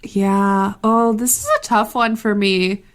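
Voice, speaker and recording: A woman's voice: mid-range voice, steady tone, takes it slowly. A woman co-hosting a podcast in casual chat, laid-back, laughing often and swearing casually. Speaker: podcast co-host.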